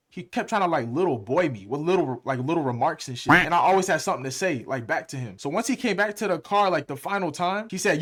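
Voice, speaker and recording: Give me a young man with a slightly high voice, telling a heated story at a rapid clip. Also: a bit bright. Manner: fast, heated storytelling full of slang. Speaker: music producer and streamer. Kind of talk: casual storytime.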